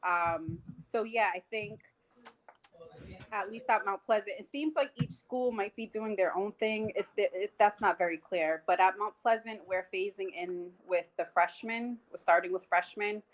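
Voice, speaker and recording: A woman's voice: medium pitch, moderate pace, poor audio. A woman in her twenties, a teacher, speaking as a podcast guest over a video call in an earnest, thoughtful way. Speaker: high school teacher guest. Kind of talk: casual podcast conversation.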